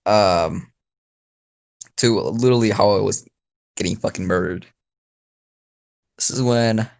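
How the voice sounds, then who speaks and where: A man's voice: on the low side, vocal fry, darkish tone. A man telling an improvised story in a rambling, profane, casual way, with frequent laughs. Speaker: storyteller YouTuber.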